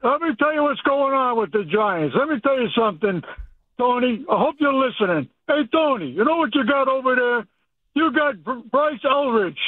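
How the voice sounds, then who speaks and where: A man's voice: very high-pitched, moderate pace, no room sound. A man calling in to a sports radio show, ranting pushily about his team over a phone line. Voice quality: excited, pushy, repetitive. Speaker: radio caller.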